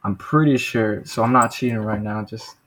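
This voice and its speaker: A man's voice: lowish voice, normal speed, a bit bright. A young man being quizzed in casual podcast chat, laid-back and slangy, often restarting his sentences. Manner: laid-back slang, says dude and bro, many restarts. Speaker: podcast guest taking a quiz.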